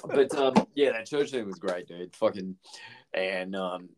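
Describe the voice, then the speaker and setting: A man's voice: low-pitched, unhurried, background noise. A man co-hosting a podcast, chatting casually about a film, swearing a lot and rambling through restarts. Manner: laid-back, heavy swearing, rambling restarts. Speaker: podcast co-host. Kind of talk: casual movie chat.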